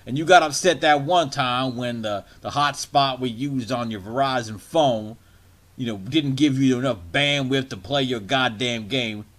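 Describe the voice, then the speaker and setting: Brief: foul-mouthed lecturing father, played by a man, mid-pitched. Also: measured pace, a bit bright, natural voice. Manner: scolding, preachy, swears a lot.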